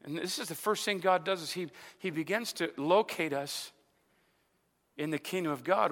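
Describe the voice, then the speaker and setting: Preaching in a large hall at a moderate pace, this pastor from Arizona has a fairly high, fairly bright voice. He talks loosely through his point, leaning on frequent "amen"s and repetitions.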